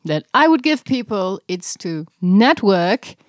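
A woman's voice: medium pitch, sing-song, slow pace, dry recording, studio quality. A woman co-hosting a podcast, chatting casually and laughing often. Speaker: podcast co-host. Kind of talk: casual chat.

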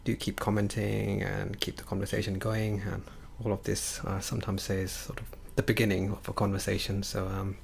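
Man, host, gravelly, low flat voice, relaxed sign-off, faint noise. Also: normal speed, few pauses. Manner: relaxed, rambling sign-off with fillers. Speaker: host of a live stream. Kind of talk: casual closing remarks.

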